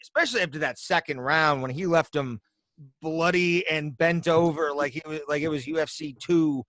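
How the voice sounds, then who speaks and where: A man's voice: fairly high pitch, normal speed, a bit bright, no room sound. Joking man co-hosting a dry-sounding podcast. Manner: joking, playful hype with goofy asides. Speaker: podcast co-host. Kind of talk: casual chat.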